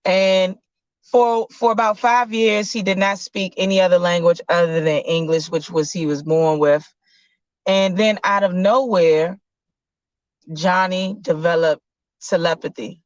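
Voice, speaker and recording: A woman with a low voice telling a story in a relaxed, slangy way, often correcting herself as she goes. The recording is dry and slightly lo-fi. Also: measured pace, no room sound. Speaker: podcast host. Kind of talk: casual storytelling. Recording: dull lo-fi sound.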